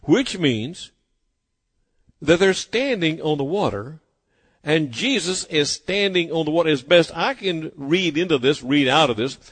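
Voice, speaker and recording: A man's voice: a little high, fairly bright tone, breathy edge. A man preaching a sermon, emphatic and driving his points home by repeating phrases. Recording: long hall reverb.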